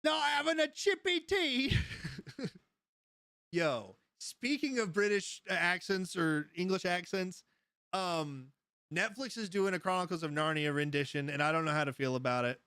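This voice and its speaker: A man's voice: on the high side, a little slow, pushed and bright, clean tone, dry recording, studio quality. Chatty laughing man live-streaming. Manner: rambling storyteller, laughs often, answers chat. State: high. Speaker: livestream host. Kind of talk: casual live-stream chat.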